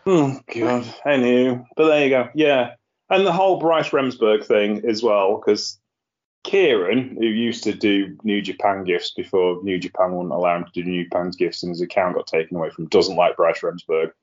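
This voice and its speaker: Man, podcast host, rambling casual chat, lowish voice, muffled lo-fi sound. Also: normal speed, darkish tone. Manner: chatty, rambling, laughs at own jokes.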